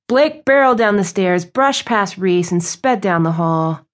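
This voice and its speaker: A woman's voice: medium pitch, lively intonation, unhurried. Woman narrating a romance audiobook. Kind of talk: scripted narration.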